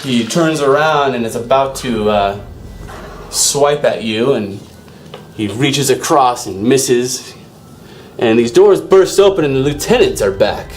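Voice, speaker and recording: A man's voice: medium pitch, expressive, unhurried, echoey room, slight background noise. A man narrating as dungeon master in a loose, rambling way, with restarts and asides to the players. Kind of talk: narrating a tabletop game.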